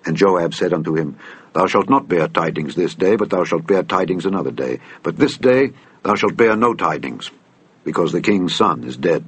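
A man reading an old Bible text aloud in a measured, solemn way. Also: deep voice, expressive, breathy edge. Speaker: scripture reader.

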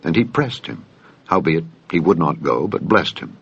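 A man reading scripture aloud in a solemn, measured way. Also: a bass voice, very animated, gravelly, breathy edge. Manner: solemn, measured, archaic phrasing. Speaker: Bible reader. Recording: dull lo-fi dry recording.

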